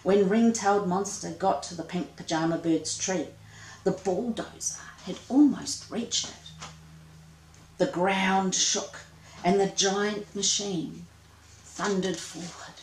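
A woman reading a children's story aloud in a slow, expressive way. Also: mid-range voice, roomy sound, a little hiss or hum, low-quality recording.

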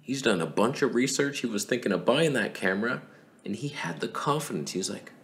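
A man's voice: medium pitch, a little fast. A man vlogging about cameras, telling a comic story and acting out his friends' lines. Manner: animated, acts out friends' voices. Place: outdoors.

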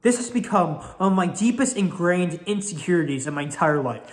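Exasperated young man ranting, lively pitch. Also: fairly quick, big-room sound. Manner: exasperated, swearing, animated. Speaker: vlogger. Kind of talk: casual storytelling.

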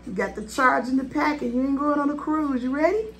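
A woman's voice: high voice, fairly quick, fairly bright tone. A woman in her forties, a vlogger, talking in a heartfelt, tearful, chatty way. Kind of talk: emotional vlog. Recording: noisy handheld recording.

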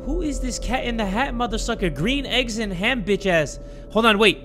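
Excitable high-voiced young man gaming. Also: normal speed, over music. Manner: excitable, joking, profane, yells when startled. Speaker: gaming video host. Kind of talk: let's play commentary.

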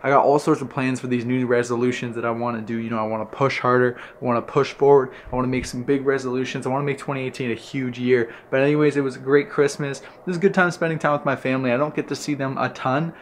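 A man's voice: mid-range voice, fairly even intonation, fast, few pauses, a little hiss or hum. A young man vlogging at a family Christmas gathering, joking around and hamming it up with a mock-Santa act. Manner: jokey, hammy mock-Santa announcing with ho-hos. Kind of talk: casual vlog talk and playful hosting. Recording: family chatter in the background. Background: family talking nearby.

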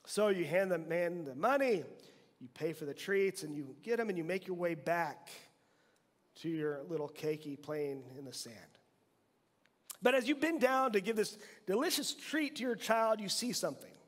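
A man with a notably high voice delivers a lively sermon, coaxing his listeners with question after question. His words ring out with a long tail of reverb from the church hall around him. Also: moderate pace. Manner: animated preaching with rhetorical questions. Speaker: pastor. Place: church sanctuary.

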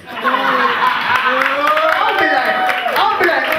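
A man, doing excitable, self-mocking stand-up comedy at a live venue. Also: extremely high pitch, takes it slowly, long pauses, a loud crowd. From Angola. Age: 20s. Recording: distant, echoey live room, audience noise.

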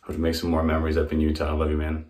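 Young guy with a super deep flat voice, laid back, echoey room. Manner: laid-back, halting, with fillers. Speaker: friend sending birthday wishes. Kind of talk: casual video message.

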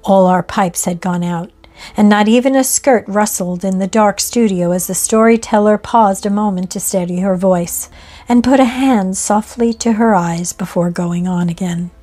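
A woman reading a ghost story aloud in a measured, expressive way. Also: mid-range voice. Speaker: narrator. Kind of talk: scripted ghost story narration.

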